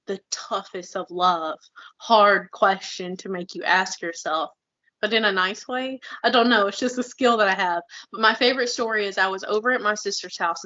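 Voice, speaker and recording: A woman's voice: mid-range voice, pushed and bright, dry recording, highs cut off. A woman co-hosting a podcast in casual chat, blunt and fired up, swearing freely. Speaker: podcast co-host.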